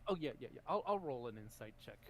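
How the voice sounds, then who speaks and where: A man's voice: mid-range voice, sing-song, quick pace, a bit bright, slight background noise. A man playing in a tabletop game over voice chat, hesitant and full of questions. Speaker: player. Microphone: online voice call.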